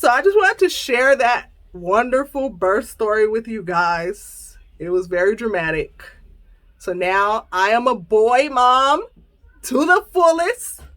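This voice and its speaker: Woman, 30s, podcast host, casual storytelling, animated, laughing, acts out her own lines. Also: mid-range voice.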